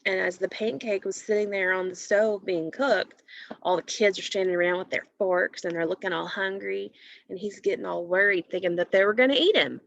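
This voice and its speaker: A woman teacher giving a recorded phonics lesson to children, explaining patiently and clearly. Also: mid-range voice, fairly quick. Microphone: computer mic while screen sharing. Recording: dull lo-fi recording.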